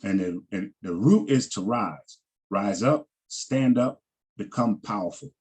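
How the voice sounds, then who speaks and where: A man teaching a language class, slowly repeating each word and its pronunciation and checking in with "all right" as he goes. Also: fairly low pitch, a little mellow, breathy edge. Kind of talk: slow vocabulary lesson over shared screen.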